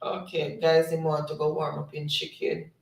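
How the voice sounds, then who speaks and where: A man's voice: on the high side, completely flat delivery, moderate pace, gravelly, echoey room, distant mic, slight background noise, low-quality recording. A man hosting a livestream, reading out viewers' comments in casual chat and laughing often. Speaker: livestream host.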